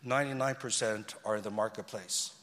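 Preacher in a reverberant church hall. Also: male voice, lowish voice, brisk. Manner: animated, swings between loud emphasis and quiet asides. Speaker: guest preacher. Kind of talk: sermon. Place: church sanctuary. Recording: long reverb of a large hall.

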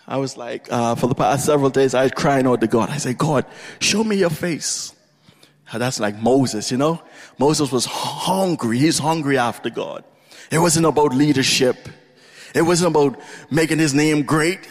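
A man preaching a sermon with fervent passion, moving from low, measured speech to bursts of shouting. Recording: long reverb of a large hall.

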